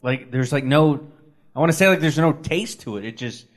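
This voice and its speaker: A man co-hosting a casual sports podcast, answering in short, low-key replies. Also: expressive, normal speed. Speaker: podcast co-host.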